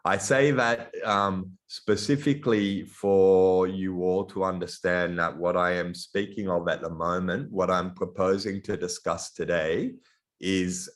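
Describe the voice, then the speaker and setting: Deep-voiced man with Australian-European accent. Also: a bit bright. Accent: Australian mixed with European. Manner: halting, many ums and restarts. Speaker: guest lecturer. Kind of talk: online lecture. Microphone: computer mic on a video call.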